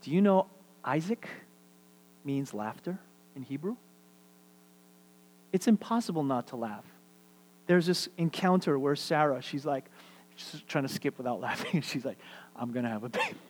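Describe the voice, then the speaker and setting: A middle-aged man preaching a sermon as pastor, animated, swinging between loud emphasis and quiet asides and repeating phrases for emphasis. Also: a little high, measured pace, long pauses.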